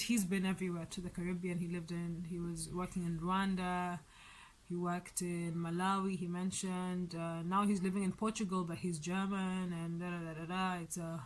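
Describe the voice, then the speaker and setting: A woman vlogger telling a story about her day in a chatty, rambling way, with frequent restarts and light laughs. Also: fairly low pitch. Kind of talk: casual storytelling vlog.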